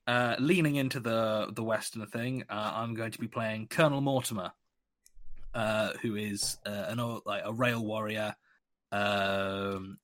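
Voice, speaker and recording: A man's voice: fairly low pitch, a bit bright. A British man chatting and joking as a player in a tabletop game, rambling with many fillers. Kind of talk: casual tabletop game chat.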